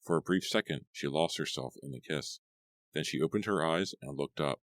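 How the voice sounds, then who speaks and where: A man narrating an audiobook story with expressive storytelling. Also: rumbling low, moderate pace, no room sound. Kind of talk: scripted narration.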